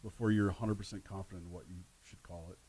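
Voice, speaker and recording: A man's voice: low voice, fairly even intonation, quick pace, a little mellow, husky. A man guesting on a radio show, chatting in an easygoing way. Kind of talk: casual radio conversation.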